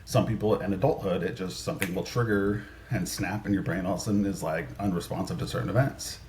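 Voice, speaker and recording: A man in his thirties chats as a podcast guest, his voice sitting fairly low. He rambles through his stories with lots of "like" and false starts. A faint hiss sits under the recording. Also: steady tone, fast talker, darkish tone. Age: 30s. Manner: rambling, heavy use of "like", frequent restarts. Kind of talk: casual storytelling chat.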